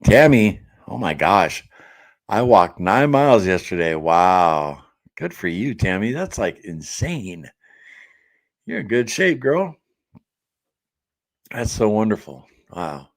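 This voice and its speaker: A man hosting a diet support live stream from his home office, chatting casually and reading viewer comments aloud with easygoing fillers and quick laughs. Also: fairly low pitch, very animated.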